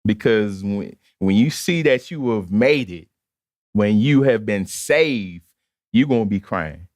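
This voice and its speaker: Slow-talking preacher man from Baltimore. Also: lowish voice, expressive, a little mellow, dry recording, studio quality. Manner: emphatic, conversational, with repeated calls to the congregation. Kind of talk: sermon.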